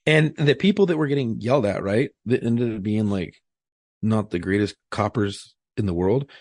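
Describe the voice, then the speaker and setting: A man's voice: fairly low pitch, normal speed, a little mellow, no echo, clean studio sound. A man who is a former Marine and police officer, co-hosting a podcast in casual chat, profane, trading stories. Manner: profane, storytelling, repeats words when starting. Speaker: podcast co-host.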